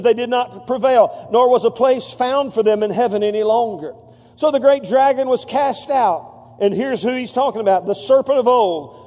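A man's voice: very high voice, warm tone. A male pastor preaching a sermon, calling on the congregation to answer back and repeat after him. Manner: preaching with call-and-response to the congregation. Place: church sanctuary. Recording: long reverb of a large hall.

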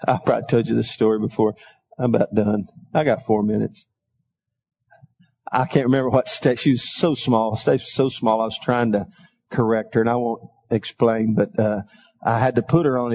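A middle-aged man preaching a sermon, calling for responses from the congregation and telling folksy stories in a quieter aside voice. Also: fairly even intonation, a little fast. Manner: folksy storytelling, drops to a low aside. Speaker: pastor.

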